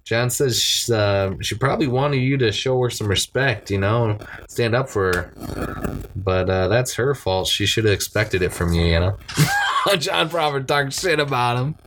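Lowish-voiced man recapping a movie casually. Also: moderate pace, noisy background. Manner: rambling, acts out quotes in a flat voice, swears casually. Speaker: podcast co-host recapping a movie. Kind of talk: casual chat, retelling scenes.

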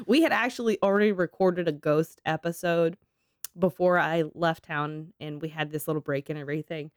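Low-voiced woman, laughing, swearing co-host. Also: normal speed, clean tone, dry recording, clean studio sound. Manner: laughs often, swears casually. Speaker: podcast co-host. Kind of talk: casual chat.

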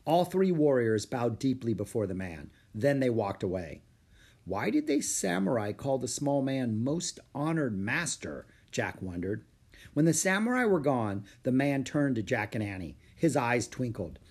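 A man narrating a children's storybook in a lively, expressive reading. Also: mid-range voice, a little slow, husky. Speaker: audiobook narrator.

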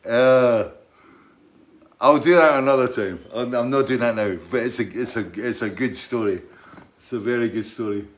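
A middle-aged man, a singer, chatting casually as he answers viewer questions and tells stories in a rambling, halting way. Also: medium pitch. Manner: rambling, halting, full of restarts and asides. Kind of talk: casual chat, storytelling.

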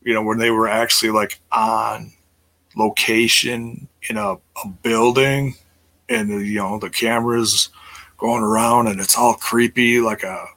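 Casual livestream host, middle-aged man, crisp bright voice, loose and rambling delivery. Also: lowish voice, a little slow. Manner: rambling, many fillers and restarts.

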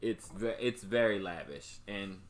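A man's voice: fairly low pitch, lively intonation, measured pace. A man casually recapping a movie plot for a co-host, rambling and swearing, with many fillers and restarts. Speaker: podcast co-host.

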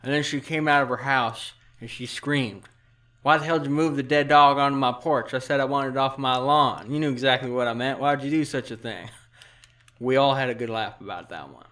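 A man's voice: medium pitch, a little fast, natural voice. A man doing an impression of a rambling elderly president, with a put-on Southern drawl and a mushy sound, as if something is in his mouth. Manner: meandering deadpan jokes, trailing asides. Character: rambling elderly male president, folksy and off-color. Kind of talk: satirical speech impression.

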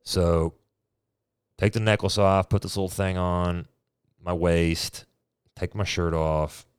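A man in his twenties with a deep voice, casually telling a personal story and playing out each bit of dialogue with energy. The recording is dry, with no room sound. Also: slow, clear, resonant tone, no echo. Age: 20s. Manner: animated, acts out quoted dialogue.

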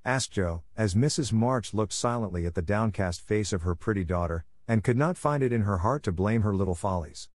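A male narrator reading a classic novel aloud in a steady, measured way. His voice sits low, and the recording is dry and close. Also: dry recording.

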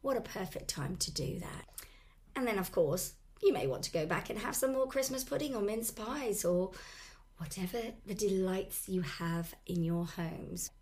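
Hoarse woman hosting a podcast. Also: medium pitch, expressive, moderate pace, darkish tone. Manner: stumbles over words. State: hoarse with a sore throat. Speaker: podcast host. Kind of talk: casual chat with announcements.

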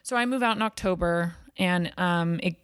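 A woman's voice: on the low side, normal speed, clear, resonant tone, no echo, studio quality. A young adult woman, a podcast guest, telling a personal story in casual chat, full of "like"s and restarts. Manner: chatty, many "like"s and restarts.

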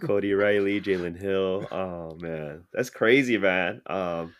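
A young man in a casual podcast chat, relaxed and teasing. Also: deep voice, slow pace. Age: young adult. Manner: relaxed, short reactions, teasing.

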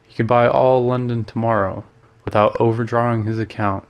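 A man's voice: mid-range voice, little pitch movement, normal speed, smooth, dull audio, close to an everyday voice. A man reading the part of a witty, worldly male painter who teases his friend and slips in French phrases. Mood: amused. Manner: breezy, teasing, lightly sprinkles French phrases.

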